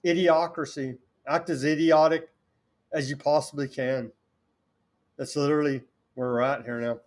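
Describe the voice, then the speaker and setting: A man's voice: fairly high pitch, moderate pace. A man from California hosting a political talk show, delivering sarcastic, indignant commentary. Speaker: host.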